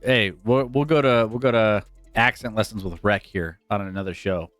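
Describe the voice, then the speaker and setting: A man's voice: lowish voice, normal speed, fairly bright tone, no room sound, faint music behind. A man co-hosting a casual sports chat show, who laughs often and talks in a loose, chatty way. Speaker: co-host.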